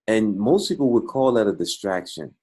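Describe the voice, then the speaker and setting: A man with a husky, slightly breathy voice runs a live trading call. He jokes and encourages callers in a folksy, easygoing way. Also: on the low side, animated, normal speed, mellow. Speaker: trading coach hosting a call.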